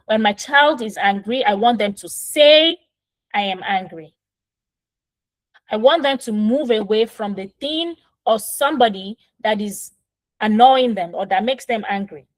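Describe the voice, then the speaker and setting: A woman's voice: fairly high pitch, normal speed, no room sound, low-quality recording. Woman coaching parents step by step. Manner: patient, step-by-step explaining with frequent "right?". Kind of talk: casual instructional talk. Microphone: phone.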